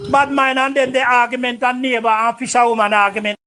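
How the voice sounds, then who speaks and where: A man's voice: very high-pitched, little pitch movement, fast, bright, forceful tone, a little hiss or hum. A man with a Jamaican accent talking politics in a loose, rambling way. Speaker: political debater. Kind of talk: casual political discussion.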